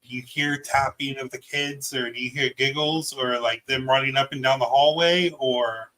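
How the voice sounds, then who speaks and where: A man's voice: medium pitch, fairly even intonation, normal speed, sharp tone, low-quality recording. A man interviewing a house owner, asking eager, curious questions in a casual way.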